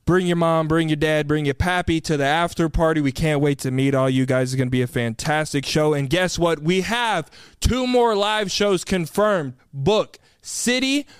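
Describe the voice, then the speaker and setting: A man's voice: fairly high pitch, moderate pace, clean tone, no room sound. A young man co-hosting a podcast, chatting casually and teasing his co-host in the studio. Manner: playful, teasing.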